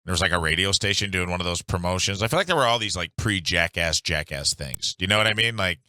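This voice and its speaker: Animated, bright-toned man telling stories. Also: low-pitched, fast, no room sound. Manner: animated storyteller, loud acted-out quotes. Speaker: podcast co-host. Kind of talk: casual comedic chat.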